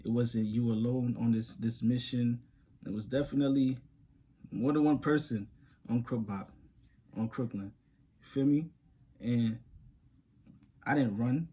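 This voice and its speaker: A young man, telling a story to camera in animated, slangy street talk and laughing often. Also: mid-range voice, a little slow, pauses often, husky. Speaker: reaction channel host.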